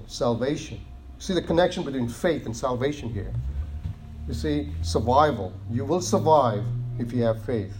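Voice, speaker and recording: A man preaching a sermon in an earnest way, often restarting phrases and slowing down to stress key words. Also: mid-range voice, expressive, slight background noise.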